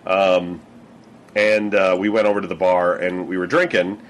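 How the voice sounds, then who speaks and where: Low-voiced man chatting with fillers. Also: steady tone, moderate pace. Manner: rambling, hesitant with many fillers. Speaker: podcast co-host. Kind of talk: casual chat.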